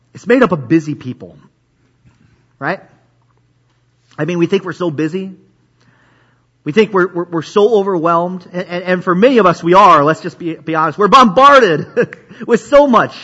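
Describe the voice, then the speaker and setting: A man's voice: sits high, fairly bright tone, husky. A man preaching a sermon in a conversational way, often repeating himself and restarting sentences. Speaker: pastor. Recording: dull lo-fi recording.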